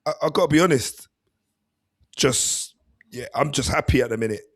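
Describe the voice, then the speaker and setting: A man's voice: mid-range voice, moderate pace, slightly rough. Laid-back man talking football. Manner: laid-back, chatty, uses "mate" and "bruv". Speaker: podcast co-host, football pundit. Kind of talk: casual football chat.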